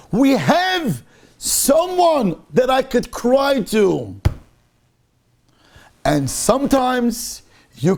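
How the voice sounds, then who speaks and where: A man's voice: extremely high pitch, gravelly. A man, a rabbi giving an emphatic Torah lecture and slipping Hebrew phrases into his English. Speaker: rabbi teaching a Torah class.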